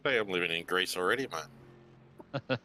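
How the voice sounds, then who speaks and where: Very deep-voiced man, laid-back. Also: animated, unhurried, sharp tone, a little hiss or hum. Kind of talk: casual chat.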